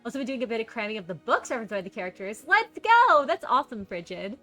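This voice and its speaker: A woman's voice: a little high, sing-song, fast, bright, forceful tone, faint music behind. A woman streamer in casual live chat, bubbly, reading viewer messages aloud and greeting them on a desk microphone. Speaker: game streamer.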